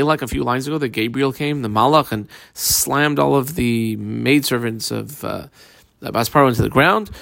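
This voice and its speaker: Gravelly man teaching Talmud. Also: medium pitch, fairly bright tone, no room sound. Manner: casual, halting, many fillers. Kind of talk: daf yomi Talmud lesson, translating Aramaic aloud.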